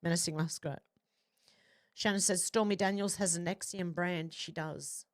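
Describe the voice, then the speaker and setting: A woman hosting a livestream, reading out viewer comments in casual chat with quick, chatty asides. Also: fairly low pitch, steady tone. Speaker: livestream host.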